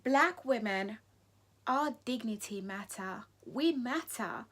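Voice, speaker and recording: A woman speaks in an emphatic, indignant vlog voice, pitched a little high. She stresses her points by repeating them, and when she gets heated she breaks off and starts her sentences over. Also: expressive, slow, fairly bright tone. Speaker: vlogger. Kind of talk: impassioned opinion vlog.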